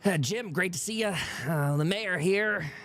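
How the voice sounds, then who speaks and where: A man's voice: high-pitched, measured pace, a bit bright, soft background music, voice pushed up. A man voicing an easygoing male townsman in a tabletop game, casual and folksy in how he talks. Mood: friendly.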